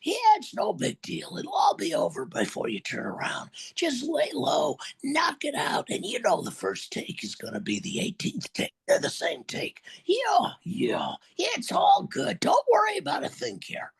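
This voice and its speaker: A male talent agent with a damaged, whispery voice, pitched well above the speaker's own, talks an angry client down in breathless bursts. He keeps repeating soft reassurances, now nearly shouting, now barely voiced. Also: huge pitch swings, gravelly, heavily acted. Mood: soothing. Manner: repeats "hey, listen, yeah" in rapid reassuring bursts.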